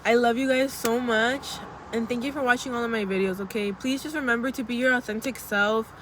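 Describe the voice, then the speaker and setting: A woman's voice: on the high side, fairly even intonation, a little fast, fairly bright tone, a little hiss or hum. A young woman in casual, blunt pep-talk mode, chatty and sweary, calling her viewers girl as she vlogs. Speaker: vlogger.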